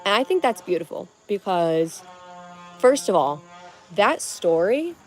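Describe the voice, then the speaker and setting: A woman's voice: mid-range voice, very animated, a little slow. A young woman live streaming in casual, rambling chat, dry-lipped and just woken up, talking in loose restarts. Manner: chatty and rambling, many "like"s and restarts.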